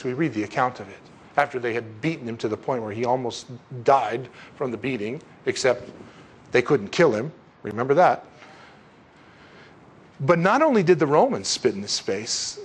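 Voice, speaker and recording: A man preaching a sermon in an impassioned way, often rising to loud, emphatic peaks. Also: mid-range voice, breathy edge.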